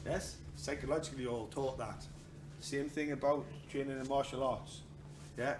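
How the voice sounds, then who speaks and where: In a noisy, echoing training hall, a man leads a martial arts class, mixing instruction with jokes, cursing, and acted-out quotes. He speaks at a normal speed in a mid-range voice with a steady tone.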